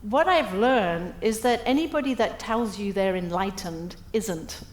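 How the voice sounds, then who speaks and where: A middle-aged keynote speaker talks a little slowly in a medium-pitched voice, telling lively, self-deprecating funny stories at a breakfast event and acting out quotes. The echoey hall comes with slight background noise.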